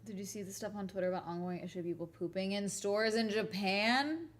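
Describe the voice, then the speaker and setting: A woman's voice: medium pitch, brisk. A young woman streaming from home, chatting casually and bluntly, swearing freely and laughing often. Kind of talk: casual livestream chat.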